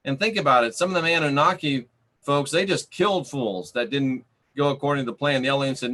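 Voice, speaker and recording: A man preaching over a livestream in a mid-pitched voice. He draws his lines out slowly and leans on repetition for emphasis. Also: sharp tone, a little hiss or hum. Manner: slow emphatic preaching, repeating phrases. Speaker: preacher reading live chat. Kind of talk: livestream sermon.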